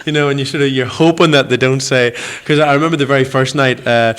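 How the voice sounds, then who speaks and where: A man's voice: medium pitch, steady tone, fast talker, fairly bright tone, clear, resonant tone. A young man with a Northern Irish accent, a guest telling funny stories in a casual chat and laughing as he goes. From Northern Ireland. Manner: chatty, jokey, laughs through stories. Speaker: TV presenter, radio guest. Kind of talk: casual chat, anecdotal storytelling.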